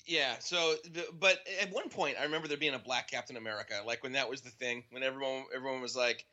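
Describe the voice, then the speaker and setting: A man in a casual podcast chat about movies, excitable and rambling with many restarts. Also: mid-range voice, quick pace, dull audio. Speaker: podcast co-host. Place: home.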